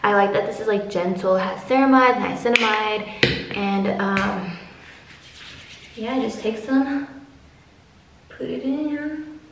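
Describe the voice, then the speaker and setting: A woman's voice: mid-range voice, unhurried, long pauses, recorded from a distance, very noisy. A young woman, chatting casually through her skincare routine as a vlogger. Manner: laid-back, talks through each step. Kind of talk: casual chat. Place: hotel room. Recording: very echoey room.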